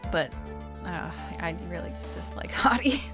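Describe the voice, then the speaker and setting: A woman's voice: on the low side, animated, normal speed. Woman streamer, casual gameplay commentary, exclaiming, game music behind. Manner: reactive, exclaiming, chatty.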